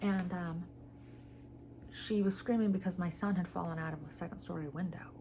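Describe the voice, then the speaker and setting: A woman in her forties with a stuffy, blocked-nose sound, chatting casually as a vlogger with dry, deadpan humor. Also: lowish voice, quick pace, a little hiss or hum. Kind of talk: casual chat.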